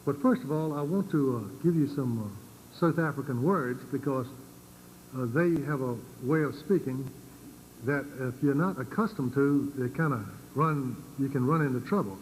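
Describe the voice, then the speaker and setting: An older man with a Virginian accent giving an informal lecture to a congregation, halting and full of fillers and repeated words. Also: medium pitch, slight background noise, poor audio. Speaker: church speaker.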